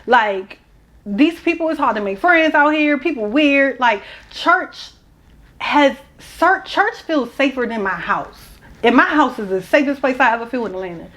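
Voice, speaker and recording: A young woman speaks in a slightly high voice. She talks straight to camera in a rambling, heartfelt way, slangy and open. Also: lively intonation, measured pace, a bit bright. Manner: rambling, emotional and candid, slangy. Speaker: vlogger. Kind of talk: candid personal vlog.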